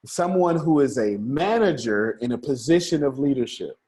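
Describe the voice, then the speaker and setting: A man's voice: mid-range voice, lively intonation, moderate pace, dark tone. A man leading a group study session, with a folksy, preacher-like cadence and repeated lines for emphasis. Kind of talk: lively teaching talk with a small group.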